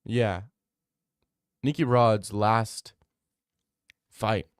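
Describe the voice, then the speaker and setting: A man's voice: on the low side, steady tone, very slow, clean tone, dry recording, clean studio sound. A young man streaming, chatting casually as he reads his live chat, rambling and opinionated, repeating himself.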